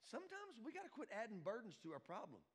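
Brief: man preaching, high-pitched and very animated, big swings between loud and quiet. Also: quick pace, slightly rough. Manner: animated, swings from shouting to hushed. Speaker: pastor. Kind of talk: lively sermon.

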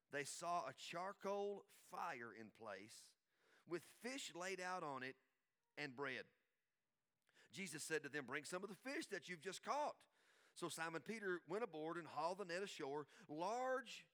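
Male pastor, animated sermon delivery, bright and slightly high. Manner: animated, emphatic storytelling.

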